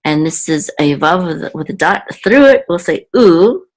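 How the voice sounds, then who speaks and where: A woman's voice: lowish voice, expressive, a little slow. A woman teaching an online language lesson, going patiently word by word with frequent ums and self-corrections. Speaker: Hebrew teacher.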